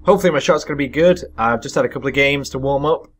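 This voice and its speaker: A young man giving live commentary over his own gameplay, excitable and self-deprecating, breaking into sudden loud yelps. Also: mid-range voice, racing. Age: young adult. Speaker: gaming commentator.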